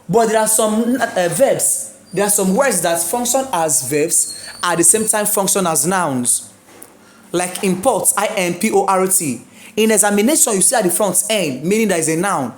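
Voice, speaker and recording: Woman teacher, animated voice, echoey room, drills words slowly. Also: medium pitch. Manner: drills example words slowly, coaxing questions to the viewer. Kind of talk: exam-prep English lesson.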